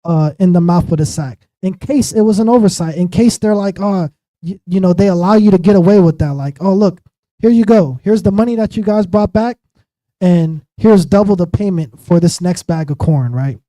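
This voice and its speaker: Man, bible study teacher, casual slangy explanations, very dark mellow voice, dry close sound. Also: sits high, normal speed, no room sound, poor audio. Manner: casual and animated, acting out the biblical figures in everyday slang. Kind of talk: sermon-style Bible teaching.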